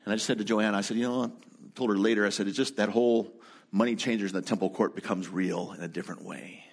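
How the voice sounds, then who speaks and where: A man's voice: on the low side, steady tone, fast, vocal fry. A man preaching a sermon as a pastor, telling a travel story in a conversational way and turning to speak directly to his congregation in the room.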